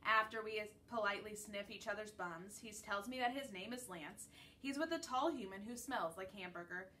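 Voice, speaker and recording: A woman teacher gently reading a children's book chapter aloud to her class. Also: mid-range voice, normal speed. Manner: gentle, storytelling read-aloud. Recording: distant mic with faint background noise.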